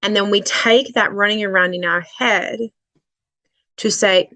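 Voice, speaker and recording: Woman, relationship coach, casual explanatory chat, mid-pitched voice, dry close sound, halting restarts. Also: steady tone, sharp tone, dry recording. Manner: conversational, many fillers and restarts, slows down on key points.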